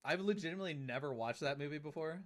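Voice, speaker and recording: A man's voice: fairly high pitch, quick pace, a bit bright. A man streaming live, chatting casually and reading out and answering comments from his chat, often repeating himself.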